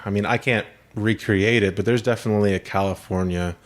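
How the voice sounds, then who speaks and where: A man's voice: fairly low pitch, fairly even intonation, fairly quick. A man hosting a podcast, chatting casually and animatedly, mimicking other people's voices. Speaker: podcast host. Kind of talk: casual chat.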